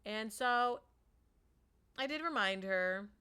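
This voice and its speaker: A woman's voice: medium pitch, expressive, slow pace, sharp tone, clear, resonant tone. A woman telling a parenting story in a casual monologue, with lots of "like" fillers, acting out what people said. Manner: chatty, acts out quotes, many "like" fillers.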